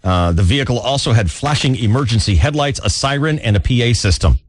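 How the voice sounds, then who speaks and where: A man hosting a radio show, chatting casually and telling stories in a wry way with animated asides. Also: mid-range voice, quick pace, no room sound, clean studio sound. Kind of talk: casual morning-show banter.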